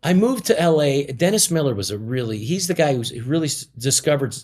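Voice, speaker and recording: Speaking a bit fast in a fairly high, slightly mellow, expressive voice, a middle-aged comedian being interviewed rambles through his stories. He's full of fillers and frequent restarts in this casual storytelling.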